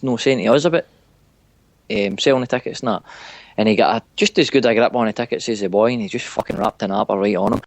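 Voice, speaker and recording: A Scottish man in casual podcast chat, talking quickly, swearing and backing up his co-host with frequent agreement. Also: on the low side, no echo, low-quality recording.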